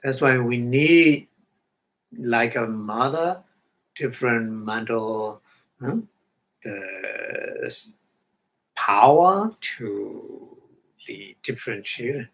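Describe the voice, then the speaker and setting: Slow, halting man giving a dharma talk. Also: mid-range voice, lively intonation, gravelly. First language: Burmese. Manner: halting non-native English with many fillers and repeats; chants Pali passages. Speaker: meditation teacher.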